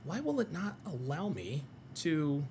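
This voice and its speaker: A man's voice: on the high side, very animated, a little slow, a little mellow, a little hiss or hum. A man giving casual, profane reaction commentary while playing clips, mocking what he hears. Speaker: reaction streamer.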